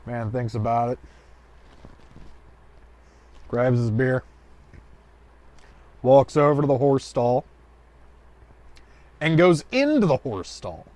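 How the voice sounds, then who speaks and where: A man's voice: mid-range voice, expressive, slow pace, long pauses, a little mellow, dry recording. A man telling a joke in a loose, colloquial storytelling way with rambling asides. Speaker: joke teller.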